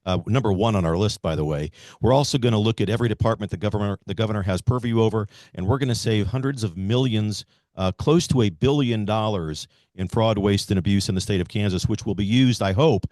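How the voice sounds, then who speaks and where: A low-voiced American man hosting an interview, recorded dry and close. He speaks in emphatic, campaign-style declarations, pushing his points with rising force. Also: fast talker, a little mellow, no echo. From United States. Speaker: host and candidate for governor.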